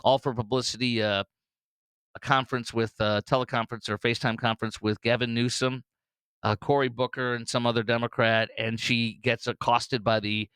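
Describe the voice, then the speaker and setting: A man's voice: mid-range voice, little pitch movement, a little fast, fairly bright tone, clean tone, no echo. A man hosting a solo political commentary show, talking bluntly and mockingly with frequent fillers and restarts.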